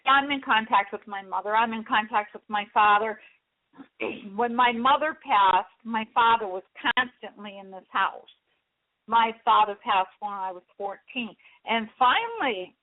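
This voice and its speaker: Soft-spoken woman host on a phone line. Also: a little high, no echo. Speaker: radio show host. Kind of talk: casual radio talk. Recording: dry, tinny phone line.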